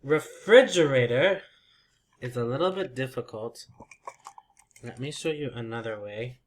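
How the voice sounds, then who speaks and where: A man teaching a simple English lesson, patiently repeating words and laughing softly. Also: mid-range voice, a little slow, slight background noise. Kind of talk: slow, simple language lesson.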